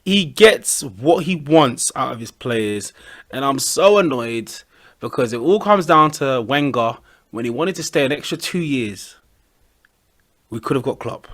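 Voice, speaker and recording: A young man, chatting casually as a podcast co-host, animated and full of slang. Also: mid-range voice, unhurried. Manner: animated, slangy banter with laughs. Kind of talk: casual chat.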